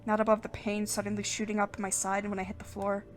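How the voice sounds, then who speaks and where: A woman's voice: mid-range voice, completely flat delivery, quick pace, soft background music. Giggly woman reading game text aloud. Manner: giggly, casual asides between narration. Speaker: let's play host.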